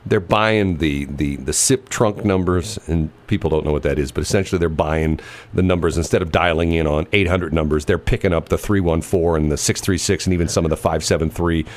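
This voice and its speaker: A man's voice: low-pitched, brisk. A man hosting a radio show, chatting casually and telling stories, acting out the voices of people in them. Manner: animated storyteller, mimics voices. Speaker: radio host.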